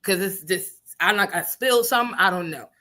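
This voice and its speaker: Bright-voiced woman telling a wild story. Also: medium pitch, brisk. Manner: animated, swearing, laughs often, acts out quotes. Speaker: radio show co-host. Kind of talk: casual storytelling chat. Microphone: studio microphone.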